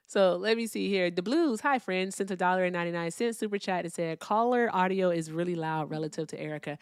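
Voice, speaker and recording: A woman hosting a political call-in livestream, speaking in a relaxed, profane, wry way as she reads out donor messages and thanks viewers. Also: fairly low pitch, fast, few pauses, smooth, dry recording, studio quality. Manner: speaks softly, not loudly. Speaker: livestream political debate host. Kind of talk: casual livestream chat.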